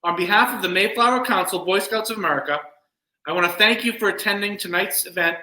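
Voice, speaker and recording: A man serving as master of ceremonies, giving earnest, measured formal closing remarks at a virtual event. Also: high voice, pushed and bright, roomy sound, low-quality recording. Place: home room, virtual event.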